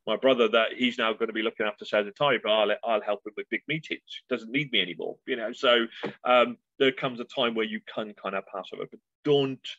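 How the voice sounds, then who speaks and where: A man, a guest in an interview, telling stories with lively enthusiasm. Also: on the low side, fast talker, no echo. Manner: animated storyteller, enthusiastic. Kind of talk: casual interview chat. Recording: dull lo-fi sound.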